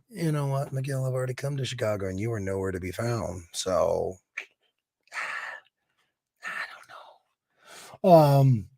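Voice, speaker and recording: A hoarse man hosting a casual live stream, warmly reading viewers' chat aloud with rambling restarts and quiet mutters. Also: fairly high pitch, no echo. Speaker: streamer host.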